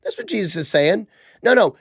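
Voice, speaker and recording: High-voiced, gravelly man hosting a podcast. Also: brisk, no echo, clean studio sound. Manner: animated, sarcastic, conversational. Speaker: podcast host. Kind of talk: casual religious commentary.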